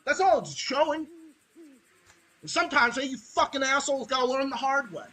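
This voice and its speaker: A man's voice: very high-pitched, expressive, moderate pace, sharp tone, slight background noise, poor audio. A man hosting a podcast, ranting angrily about politics with heavy swearing and mocking put-on voices. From Massachusetts, USA. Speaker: podcast host. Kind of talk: political rant.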